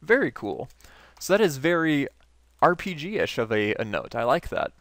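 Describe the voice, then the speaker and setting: A man's voice: fairly high pitch, sing-song, normal speed, fairly bright tone, dry recording. A young man hosting a game video, chatting casually and reacting as he plays. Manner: chatty, reacts while playing. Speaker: game host.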